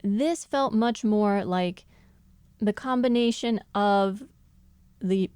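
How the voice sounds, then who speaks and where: Podcast co-host, woman, thoughtful and quick to laugh, clean smooth tone. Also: mid-range voice, a little mellow, no room sound. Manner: thoughtful, laughs often while explaining. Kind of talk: casual analytical chat.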